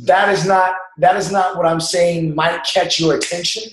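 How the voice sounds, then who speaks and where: A man's voice: high-pitched, steady tone, moderate pace. A man giving an emphatic motivational talk to a group, coaching them to drop doubt. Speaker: motivational speaker. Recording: echoey room.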